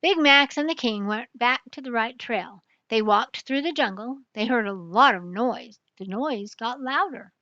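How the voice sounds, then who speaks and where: Slow, bright older woman reading a storybook. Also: on the high side, no room sound, highs cut off. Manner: slow, clear, even reading. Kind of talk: reading a picture book aloud.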